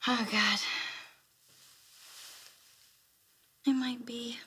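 An actress playing a young waitress and mother who jokes her way out of trouble with quick sarcastic quips. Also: lowish voice, sing-song, fairly bright tone, slight background noise. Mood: playful. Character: wry, flustered young mother who fibs. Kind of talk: sitcom acting.

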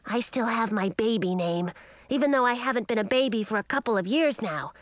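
A woman's voice: on the high side, expressive, a little fast, dry recording, clean studio sound, voice pushed up, close to an everyday voice. A woman voicing a young, friendly, talkative male dragon in a storybook reading. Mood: earnest.

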